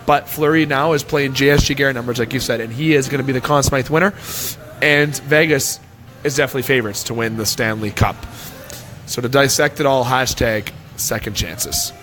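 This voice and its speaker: A man's voice: mid-range voice, fairly even intonation, brisk, a bit bright. A Canadian man hosting a casual hockey talk show, rambling and opinionated as he breaks down the teams. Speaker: sports talk show host. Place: restaurant. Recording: faint music behind.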